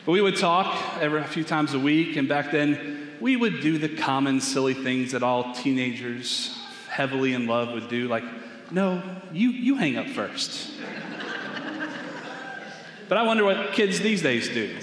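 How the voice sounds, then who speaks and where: A man in his forties, a pastor, reading scripture and then telling stories in a relaxed, hesitant way during a sermon. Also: mid-range voice, moderate pace, a little hiss or hum. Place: church sanctuary. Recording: long reverb of a church hall.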